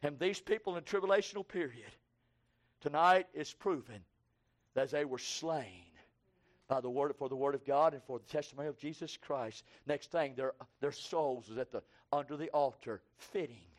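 A man preaching a sermon, rising from low, quick passages to shouted, fervent proclaiming.

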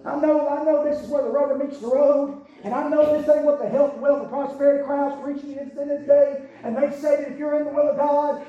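A man preaching a sermon, swinging between shouted cries and hushed, low passages. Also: fairly even intonation, fairly quick, few pauses, a faint crowd. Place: church sanctuary. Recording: echoey church sound from far off, dull.

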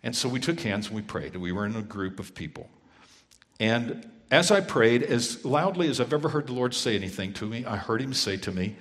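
A pastor telling a personal story in a sermon, acting out the dialogue in earnest. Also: male voice, medium pitch, expressive, fairly quick, big-room sound.

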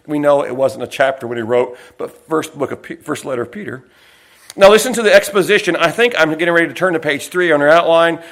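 His voice a little high and fairly bright in tone, a man gives a folksy, rambling sermon. He drops his speed to underline key points and works in personal anecdotes.

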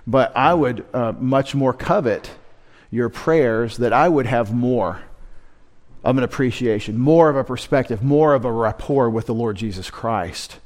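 Man, pastor, midweek sermon, emphatic, rhetorical questions, mid-pitched voice. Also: a little slow, a little mellow.

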